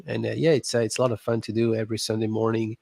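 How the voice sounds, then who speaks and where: A French man with a gravelly, creaky voice hosts a casual livestream chat in English, pausing and restarting as he hunts for words. His voice sounds dry and close, with little room around it. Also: lowish voice, level tone, mellow, no echo. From Alsace, France. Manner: halting, searching for English words. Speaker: host. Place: home in Montreal.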